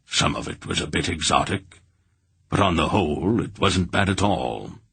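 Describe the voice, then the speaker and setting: A man's voice: low voice, expressive, normal speed, gravelly, a bit bright, breathy edge, dry recording, heavily acted. A man voicing an old grandfather sorcerer who speaks dryly and wryly. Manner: dry, wry.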